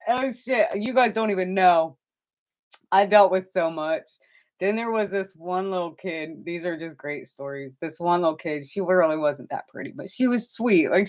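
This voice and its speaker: A middle-aged woman hosting a live stream, telling stories casually with lively voices for the people in them and frequent swearing. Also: mid-range voice. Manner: animated, swears freely, acts out quoted people. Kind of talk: casual storytelling.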